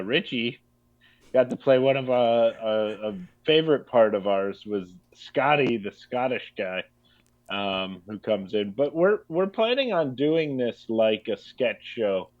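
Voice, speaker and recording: A man's voice: lowish voice, unhurried, dry recording. Easygoing man explaining, dull sound. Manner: easygoing storyteller, explaining at length. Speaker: comedy writer and producer co-host. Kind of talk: casual chat.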